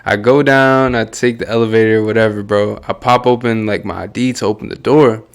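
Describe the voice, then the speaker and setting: A man's voice: lowish voice, brisk, clear, resonant tone. Young podcast co-host guy, laid back, laughs while he tells it. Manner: relaxed, short interjections, laughing. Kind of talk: casual chat.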